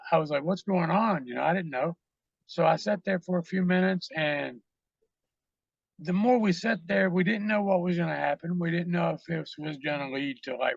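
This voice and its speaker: A man's voice: fairly high pitch, gravelly, no room sound, lo-fi sound. A man, a podcast guest, telling rambling, profane stories full of fillers in a casual interview.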